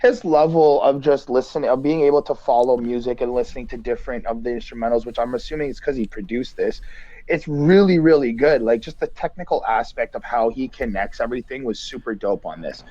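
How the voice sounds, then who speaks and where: A man co-hosting a podcast, talking casually about an album in a relaxed, hesitant way with many restarts. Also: mid-range voice, fairly quick, no echo, lo-fi sound. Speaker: podcast co-host. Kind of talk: casual album review chat.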